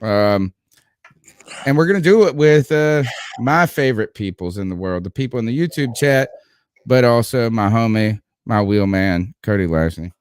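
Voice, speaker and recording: A man's voice: fairly low pitch, animated, moderate pace, clean tone, no room sound. A man hosting a sports podcast in a casual, joking, rambling way. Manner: joking, hyperbolic, rambling with fillers. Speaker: podcast host.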